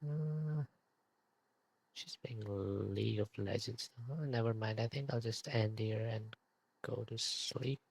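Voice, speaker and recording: A quiet young man speaking in a whispered role-play hush at his desk microphone. His voice is husky with a low fry and comes out unhurried, full of soft fillers. The sound is dry and close. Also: no echo. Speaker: streamer. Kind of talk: late-night stream sign-off, whispery ASMR-like voice.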